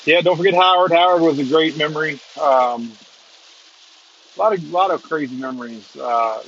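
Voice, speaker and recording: A man rambles and chuckles through a casual livestream chat from inside a moving car. His voice sits a little high, and the lo-fi audio sounds dull and muffled. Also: moderate pace, fairly bright tone, slight background noise. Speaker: storm chaser, stream host. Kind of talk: casual live chat while driving.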